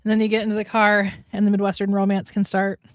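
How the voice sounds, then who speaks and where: A woman's voice: medium pitch, monotone, fast talker, no room sound, studio quality. A young woman from Minnesota with a Minnesota accent, hosting a casual livestream chat and acting out voices as she tells stories. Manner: chatty storyteller, acts out quoted voices. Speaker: host, romance author. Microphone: home livestream mic.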